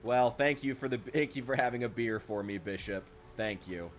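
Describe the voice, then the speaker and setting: A man in the middle of a live game stream, venting with plenty of swearing as he answers his chat. His voice sits in an everyday middle register and drops low and quiet after each burst. Faint music runs quietly in the background. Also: moderate pace. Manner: heated, profane ranting. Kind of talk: casual live-stream talk, reacting to chat.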